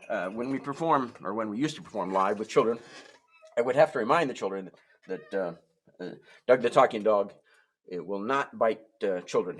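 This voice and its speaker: A man's voice: on the low side, breathy edge. A man performing a comic ventriloquist act, talking to his puppets in playful, stammering children's show patter. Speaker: musical ventriloquist.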